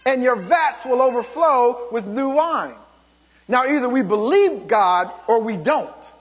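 A man preaching with a high, lively voice that swoops up and down as he presses his points. His tone is slightly husky, and his words carry a long reverb from a church sanctuary. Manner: emphatic preaching with many calls of "come on". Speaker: pastor. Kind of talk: sermon.

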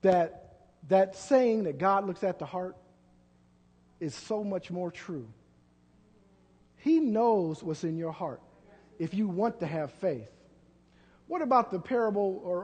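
A man preaching a sermon as pastor, full of rhetorical questions and swinging between loud and soft. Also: high voice, a little slow, pauses often, breathy edge, dull audio. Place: church. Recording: long church hall reverb.

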